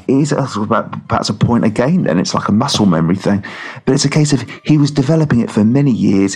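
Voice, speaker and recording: A man's voice: lowish voice, darkish tone, slightly rough. A man co-hosting a comedy podcast, rambling through a film review with many ums and restarts. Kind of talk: casual comedy chat.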